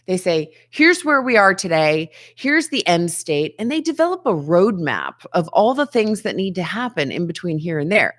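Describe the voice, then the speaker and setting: A woman hosting a daily self-help show, talking earnestly to the camera, asking rhetorical questions and laughing between points. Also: medium pitch. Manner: earnest, conversational, asks many rhetorical questions. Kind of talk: motivational talk to camera.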